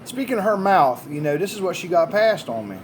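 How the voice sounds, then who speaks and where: A man's voice: high voice, sing-song, brisk, a little hiss or hum. A man, telling a story in a casual, profane, folksy way. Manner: folksy, profane, drawling with repeated "buddy" and "man".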